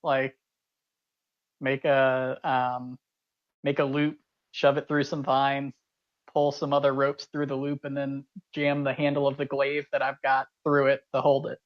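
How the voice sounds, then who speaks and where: A man playing in a tabletop game, calmly talking through his character's actions step by step. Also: mid-range voice, unhurried, lo-fi sound. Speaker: player. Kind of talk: casual game talk.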